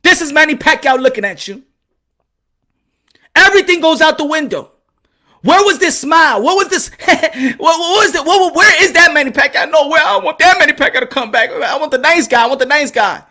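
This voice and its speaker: A man giving casual boxing commentary, animated and emphatic, often repeating himself. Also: extremely high pitch, brisk.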